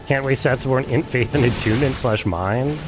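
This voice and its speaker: A man's voice: mid-range voice, brisk. Man, game streamer, casual chat to viewers, swears, wry, music under the voice. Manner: sarcastic, swears, chats with viewers. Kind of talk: casual live game commentary. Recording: game music playing behind the voice.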